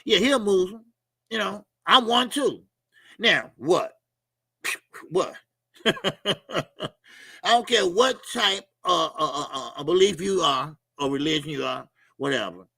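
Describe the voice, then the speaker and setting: A man's voice: high-pitched, expressive, takes it slowly, vocal fry, pauses often, sharp tone, husky, dry recording, clean studio sound. A middle-aged man hosts a casual boxing livestream. He talks loose and profane, laughs a lot and reads out viewer comments and donations.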